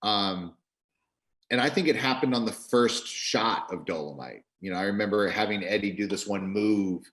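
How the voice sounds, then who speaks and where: A film director on a video call, telling stories in an animated way, acting out quotes with many restarts. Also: male voice, on the low side, normal speed. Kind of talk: interview storytelling.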